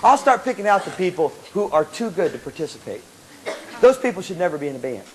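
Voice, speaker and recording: A man giving a playful, animated motivational talk to student band members, acting out little scenes, recorded live in a hall with a crowd. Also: sits high, fast. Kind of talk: lively motivational seminar talk. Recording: noisy live tape with audience laughter. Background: audience laughter and chatter.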